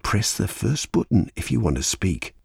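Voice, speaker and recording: A man with a husky voice voicing a quiet, mysterious stranger who coaxes a captive over a walkie-talkie in a storybook reading. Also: fairly low pitch, sing-song, moderate pace, no echo, clean studio sound, voice pushed up, full character voice. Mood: urgent, coaxing. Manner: quiet, urgent, coaxing.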